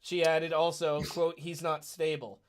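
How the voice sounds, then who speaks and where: Brief: slightly high male podcast co-host, conversational, reads quotes aloud. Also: level tone, a little slow, smooth. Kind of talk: casual political podcast chat.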